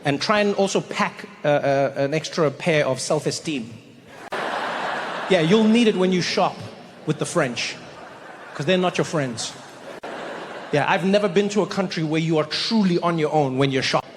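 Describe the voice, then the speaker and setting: Man, stand-up comic, high voice, animated storytelling, echoey hall, faint noise. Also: moderate pace, pauses often. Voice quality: animated, with frequent restarts. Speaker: stand-up comedian.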